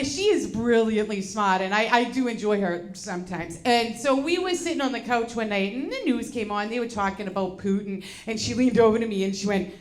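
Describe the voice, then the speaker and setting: A brash woman in her forties doing a stand-up set, with a high voice and a foul mouth. She laughs at her own lines, and the sound rings around an echoey venue over loud noise. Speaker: stand-up comedian. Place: comedy show with laughing audience.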